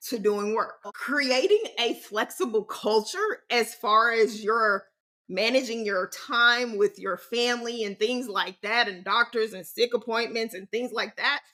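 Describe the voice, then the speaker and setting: A woman's voice: on the high side, sharp tone. A woman in her forties hosting a podcast, talking in a sassy, slangy, emphatic way with big swings in her voice. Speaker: podcast host. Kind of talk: casual solo podcast talk.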